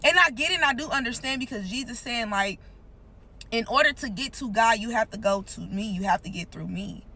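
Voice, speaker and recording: A woman's voice: fairly high pitch, expressive, brisk, pushed and bright, poor audio. A woman giving an earnest, informal devotional teaching, repeating points for emphasis. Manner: earnest, repetitive, emphatic, conversational. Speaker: Christian content creator.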